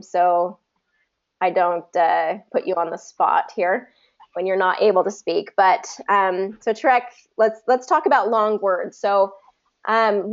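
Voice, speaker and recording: A woman teaching English pronunciation in a live session, patiently explaining and slowly drawing out example words. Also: mid-range voice, muffled recording.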